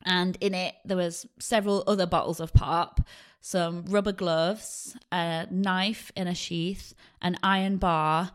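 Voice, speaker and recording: A woman with a fairly low voice co-hosts a podcast. She tells a true-crime story in a chatty, easygoing way and acts out the quotes as she goes. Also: steady tone, unhurried, hardly any pauses, clear, resonant tone. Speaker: podcast co-host.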